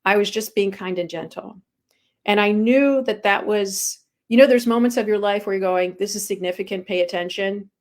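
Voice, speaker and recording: A woman's voice: medium pitch, normal speed, a little mellow. A woman guest, a spiritual coach, telling her own story frankly and with self-deprecating humor, with frequent ums. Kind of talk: candid personal storytelling.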